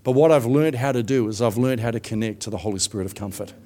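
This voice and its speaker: A middle-aged man preaching a sermon in a relaxed, chatty storytelling voice. His pitch sits in a plain middle range, and he leans on little fillers as he talks. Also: fast. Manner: storytelling, warm and conversational with frequent fillers.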